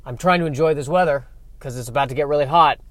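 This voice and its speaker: A man's voice: fairly high pitch, fast talker, a bit bright, dry recording. A man talking in a casual, wry, self-deprecating monologue that rambles, with frequent restarts. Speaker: vlogger and stand-up comic.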